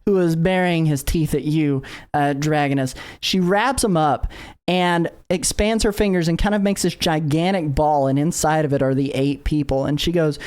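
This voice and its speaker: A man's voice: fairly high pitch, normal speed, a little mellow, clear, resonant tone. A man narrating as game master of a tabletop game, telling the scene loosely with many fillers and restarts. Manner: loose, filler-heavy storytelling.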